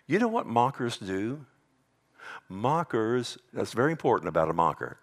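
A middle-aged man preaching a sermon as pastor, animated, jumping up to a high mocking voice when he quotes scoffers. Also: moderate pace.

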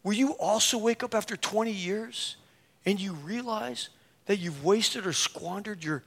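Male preacher, very high-pitched, animated and self-deprecating, building to shouted exhortation. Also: measured pace. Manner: animated, self-mocking storyteller acting out dialogue. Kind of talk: sermon with a personal story.

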